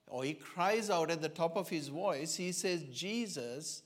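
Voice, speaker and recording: Male preacher, evening sermon in church, unhurried, earnest, lots of "uh" pauses. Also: fairly high pitch, lively intonation. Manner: slow, earnest storytelling with many pauses and fillers.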